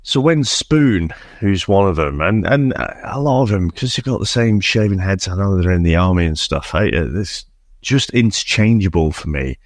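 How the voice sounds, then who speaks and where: A man's voice: low-pitched, lively intonation, moderate pace, no room sound, studio quality. A man from St Helens with a Liverpool-leaning accent co-hosting a podcast, wry and sweary in casual chat. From St Helens, England. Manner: wry, sweary, laughs easily. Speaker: podcast co-host. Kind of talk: casual film review chat.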